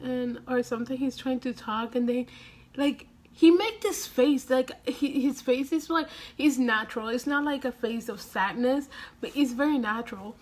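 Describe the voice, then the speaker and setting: A woman's voice: sits high, normal speed. A young woman vlogging casually, rambling and tearful after crying, breaking into small laughs and sighs. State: has been crying. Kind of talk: casual emotional vlog.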